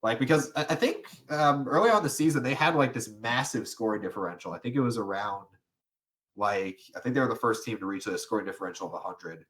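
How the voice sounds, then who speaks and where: A man's voice: lowish voice, lively intonation, quick pace, a bit bright. A young man co-hosting a casual podcast, rambling and restarting, often laughing as he talks. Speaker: podcast co-host. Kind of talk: casual chat.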